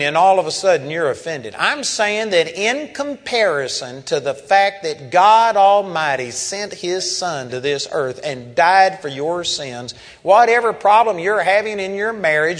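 A man teaching a live sermon at a seminar, plain-spoken and emphatic as he tells stories. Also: high-pitched. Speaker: Bible teacher. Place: seminar hall. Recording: reverberant live hall recording.

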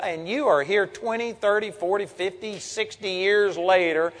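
A man's voice: high-pitched, moderate pace, few pauses, fairly bright tone, long reverb tail. An older man preaching a sermon, reading scripture and teaching with earnest emphasis.

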